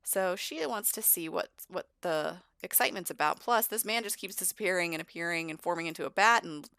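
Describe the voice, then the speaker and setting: Lower-voiced woman, chatty let's play host narrating her game. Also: fairly quick, creaky, hardly any pauses, sharp tone, no room sound. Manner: chatty, storytelling. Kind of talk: casual game commentary.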